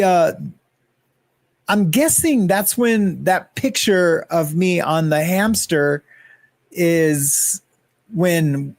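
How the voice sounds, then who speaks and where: A man chatting loosely on his own livestream, greeting viewers one by one as he rambles between topics. His voice sits on the higher side, and the sound is dry and close with little room echo. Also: darkish tone. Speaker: livestream host. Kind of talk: casual livestream chat.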